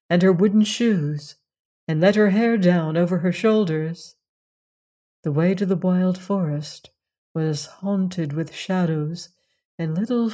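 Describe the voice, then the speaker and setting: A woman storyteller hosting a show, reading a fairy tale in a calm, measured way. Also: fairly low pitch. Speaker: storyteller host.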